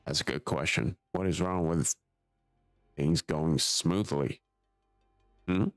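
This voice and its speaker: A man's voice: sits low, slow pace, dry recording. A young man live-streaming a video game, chatting casually and reading the story's dialogue aloud, swearing offhandedly at his own slip-ups.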